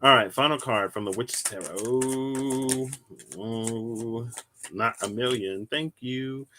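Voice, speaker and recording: A young man chatting casually on a live stream while reading tarot cards, rambling through stories and jumping into high, laughing outbursts. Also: takes it slowly, a little hiss or hum. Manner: rambling storyteller, animated, bursts into high-pitched squeals and laughter.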